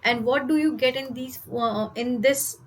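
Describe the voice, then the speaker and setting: A woman's voice: high-pitched, a little slow, soft background music, poor audio. A woman with an Indian accent giving a live online English lesson, explaining words and asking her class rhetorical questions. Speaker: IELTS teacher.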